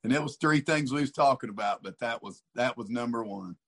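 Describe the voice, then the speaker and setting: A man's voice: mid-range voice, a little fast. A man as a guest in a casual chat, easygoing, swearing and calling people dude and buddy.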